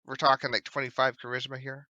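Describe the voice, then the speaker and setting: A man narrates a tabletop game in a casual, teasing way and swears offhand. His voice is very bright and recorded close and dry, with no room in it. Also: mid-range voice, flat delivery, fast, dry recording, dull audio. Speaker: game master.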